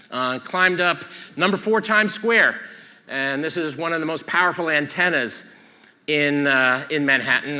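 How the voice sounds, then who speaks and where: Male speaker for a stage seminar, slightly high, tense and bright, emphatic, reverberant hall. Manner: emphatic, punchy, keeps asking "okay?". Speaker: photographer giving a stage seminar. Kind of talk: animated stage talk.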